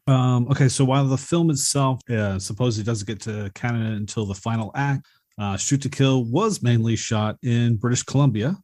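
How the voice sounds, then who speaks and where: A man co-hosting a movie podcast, reading out production facts and box office numbers at an even pace. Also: mid-range voice, no echo, clean studio sound. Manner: measured, fact-reciting delivery. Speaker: podcast co-host. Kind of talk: reading film trivia in casual chat.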